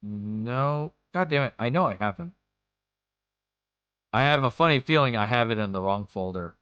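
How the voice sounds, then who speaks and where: A man's voice: mid-range voice, animated, normal speed, a bit bright, smooth, dry recording, muffled recording. A man narrating as game master in a casual way, muttering to himself while he searches his files.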